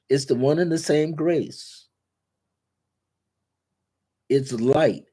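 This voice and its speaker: A man hosting a guided spiritual talk, speaking in repetitive, incantatory affirmations and slowing down on key words. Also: on the high side, warm tone. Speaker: spiritual teacher and show host.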